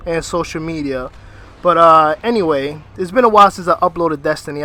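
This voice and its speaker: A man's voice: fairly high pitch, bright, forceful tone. A young man hosting his own gaming channel, telling a personal story over live gameplay commentary in a casual, rambling way and stumbling over his words. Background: music.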